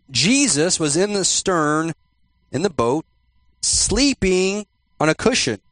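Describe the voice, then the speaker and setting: A male pastor giving a sermon in church, repeating and slowing down his key phrases for emphasis. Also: on the high side, dry recording. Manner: repetitive, emphatic preaching with slowed key phrases.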